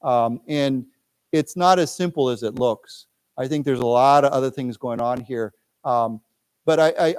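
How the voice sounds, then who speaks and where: An American man giving an English lesson in a library lecture room, reading news phrases slowly for the class to repeat and patiently explaining words. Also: medium pitch, darkish tone. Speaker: English teacher.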